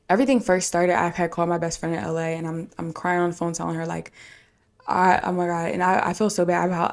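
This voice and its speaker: A young woman podcast host telling a deeply personal story in a rambling, emotional way, full of "like" fillers. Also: creaky, darkish tone.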